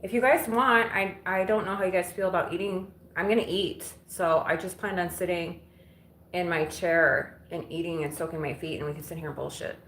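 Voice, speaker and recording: In roomy home audio with faint background noise, a woman from Illinois speaks in a lowish, fairly bright voice at a moderate pace. Doing chores in her kitchen and living room with the windows open, she chats bluntly with live viewers, responds to their comments, and swears now and then.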